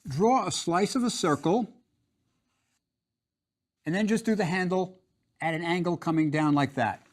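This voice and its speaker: A man's voice: sits high, unhurried. A man teaching a drawing lesson, patient and step by step, repeating each instruction.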